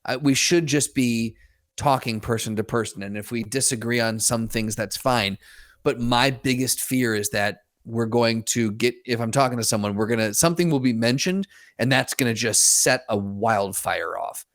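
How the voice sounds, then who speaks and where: A man's voice: medium pitch, moderate pace, dry recording, clean studio sound. Hesitant man musing in podcast chat. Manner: thoughtful, hesitant, many restarts and backchannels. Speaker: podcast co-host. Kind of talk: casual chat.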